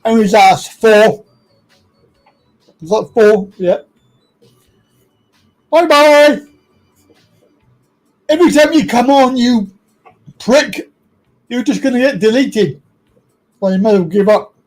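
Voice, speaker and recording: A man's voice: high voice, lively intonation, a little slow, pauses often, darkish tone, soft background music, low-quality recording. A British man hosting a live stream, talking casually and bluntly with lots of swearing.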